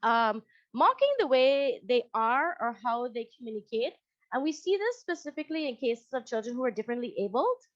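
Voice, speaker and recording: A woman's voice: fairly high pitch, expressive, brisk, no room sound, highs cut off. A woman psychologist with a Guyanese accent giving a conversational presentation over a video call, often acting out quoted parents.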